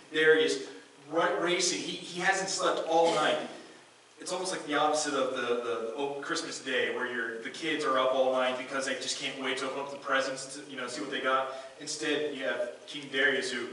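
Pastor guy preaching, bright pushy voice, lots of restarts, mic kinda far off, faint hiss behind. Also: medium pitch, moderate pace. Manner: conversational preaching with frequent restarts. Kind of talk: sermon. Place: church sanctuary. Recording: echoey room, voice from a distance.

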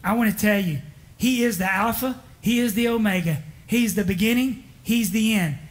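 A man's voice: sits high, normal speed. A man preaching a sermon in a folksy, emphatic way, repeating his key lines and chuckling between them. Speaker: pastor. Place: church.

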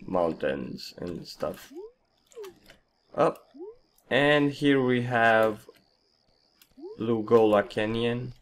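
A man hosting a casual gameplay commentary, his voice partly lost, rambling and trailing off quietly. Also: mid-range voice, very slow, long pauses. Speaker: gaming channel host.

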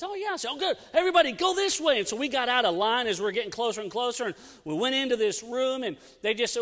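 A middle-aged man, a youth pastor, telling an animated story in a sermon with lots of restarts, on a pulpit mic in a church sanctuary. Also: high-pitched. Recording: long church hall reverb.

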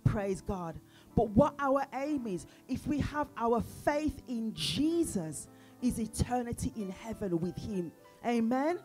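Female preacher, sermon, fairly high-pitched, engages the congregation with questions; soft instrument music underneath. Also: lively intonation, slow pace. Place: church service.

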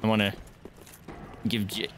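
A man's voice: lowish voice, completely flat delivery, unhurried, a bit bright, a little hiss or hum. A man streaming a game live, talking through his fights with frequent swearing, greeting viewers and chatting to his dogs. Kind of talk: live gameplay commentary.

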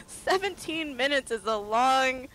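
A high-pitched, bright woman streaming a game, talking at an unhurried pace. She giggles a lot and playfully dodges swearing with goofy substitute words. Casual, chatty streamer talk. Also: lively intonation. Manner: giggly, playfully self-censoring with silly stand-in words. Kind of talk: casual gameplay chat.

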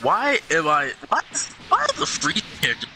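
A man's voice: high-pitched, huge pitch swings, normal speed, bright, forceful tone, a little hiss or hum. A man playing a video game with friends, teasing them and laughing often. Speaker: gamer on a let's play channel. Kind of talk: casual gaming banter.

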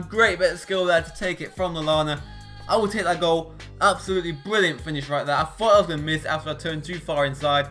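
A young man commentating live on his own football video game matches, excitable and swinging between groans and shouts. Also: sits high, brisk, faint music behind. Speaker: gaming YouTuber.

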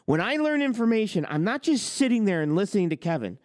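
Brief: forties male host, fired-up profane rant, pitch swinging wildly up and down, boastful and blunt, tight dry sound. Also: big pitch swings, fast talker, a little mellow, dry recording. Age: 40s. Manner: blunt, boastful, swears constantly.

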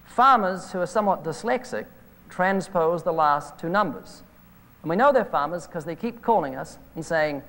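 Brief: male evangelist, high voice, storytelling sermon, hall echo from an old tape. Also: normal speed. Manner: storytelling, animated retelling of phone calls. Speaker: evangelist preacher. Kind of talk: sermon with anecdotes. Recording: hall reverb from an old videotape.

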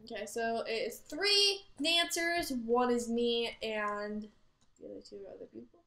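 A woman chatting and rambling through gameplay commentary, giggling and breaking into loud exclamations. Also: on the high side, measured pace. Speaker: gaming channel host. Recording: roomy echo.

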